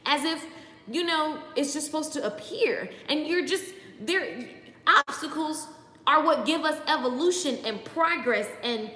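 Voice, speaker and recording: A woman's voice: high voice, lively intonation, a little slow, sharp tone. A woman talking casually as a motivational speaker on a live stream, chatty and rambling, greeting viewers by name. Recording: echoey room with long reverb, faint background noise.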